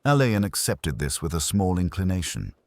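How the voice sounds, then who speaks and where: Man, audiobook mystery narrator, deep voice, dry close sound. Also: dry recording. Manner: measured, expressive storytelling.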